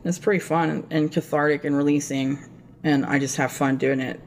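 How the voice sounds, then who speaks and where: Low-voiced, profane woman telling a story. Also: a little fast, slight background noise. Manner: profane, rambling, animated storyteller. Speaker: podcast co-host. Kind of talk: casual storytelling chat.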